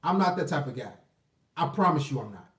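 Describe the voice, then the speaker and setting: A man's voice: a little high, sing-song, a little fast, recorded from a distance. A man in his thirties hosting a casual call-in live stream, blunt and profane as he urges callers to talk. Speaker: call-in show host. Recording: echoey room, off-mic.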